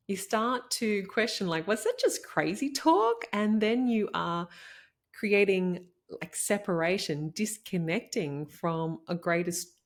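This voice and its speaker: A middle-aged woman hosting a motivational solo podcast, talking in an effusive, animated way with many "like"s and "oh my gosh"es. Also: lowish voice. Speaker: podcast host and coach.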